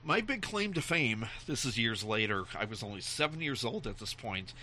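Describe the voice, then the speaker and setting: A man chatting casually, telling animated stories and acting out the voices of people in them. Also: medium pitch, moderate pace, a little hiss or hum. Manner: animated storyteller who acts out voices, laughing often. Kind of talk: casual chat.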